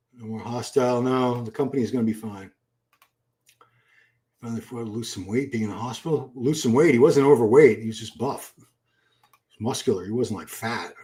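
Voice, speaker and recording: Middle-aged male streamer, relaxed off-the-cuff commentary, reacts to chat as he goes. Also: medium pitch. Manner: chatty, thinks aloud, reacts to chat. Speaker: livestream host. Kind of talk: casual live-stream commentary. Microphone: computer mic for live stream.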